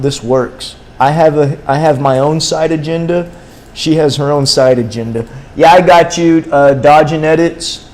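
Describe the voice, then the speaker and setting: A man's voice: on the high side, moderate pace, darkish tone, slight background noise. A young man streaming a game and telling a long story in a rambling, slangy way, with many fillers and restarts. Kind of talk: casual livestream storytelling.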